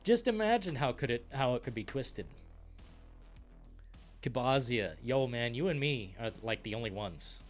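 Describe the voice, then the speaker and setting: Excitable, swearing young gaming host. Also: male voice, medium pitch, normal speed, faint music behind. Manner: excitable, profane and rambling. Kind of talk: casual live-stream chat, reading viewer comments.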